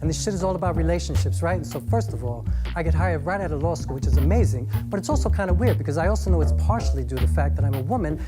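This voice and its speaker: A man voicing a proud, defensive young woman attorney who talks fast and heated and curses a lot. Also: a little high, animated, loud music behind the voice, lightly acted.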